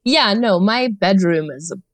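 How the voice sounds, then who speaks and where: Thirties woman guest, animated and giggly, pitch swinging all over, dry close mic. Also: a little slow, no echo. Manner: animated, laughing, many fillers. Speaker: podcast guest. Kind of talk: casual chat.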